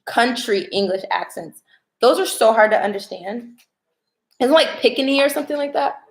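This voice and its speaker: Chatty, excitable young woman in an echoey room. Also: on the high side, normal speed, creaky. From United States. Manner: chatty, excitable, swears casually. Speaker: tarot reader. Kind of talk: casual livestream chat and tarot reading.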